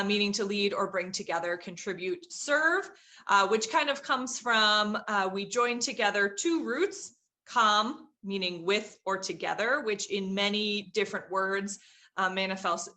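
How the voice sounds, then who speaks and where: A woman's voice: medium pitch, pushed and bright. A young woman giving a casual vocabulary lesson, chatty, with frequent fillers and hedges. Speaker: teacher.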